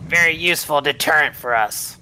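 Blunt matter-of-fact woman boss, put on by a male game master, pitched up, bright. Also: fairly quick, poor audio. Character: blunt woman leading a hidden group.

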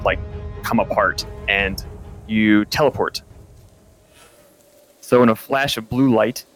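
A man's voice: fairly low pitch, a bit bright. A man narrating as game master of a tabletop game, in a loose, chatty way with filler words.

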